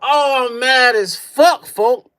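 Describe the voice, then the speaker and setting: A man's voice: very high voice, slow, sharp tone. A young man telling a personal story on a livestream, in a profane, slang-heavy way with mouth sound effects. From Chicago. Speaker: streamer.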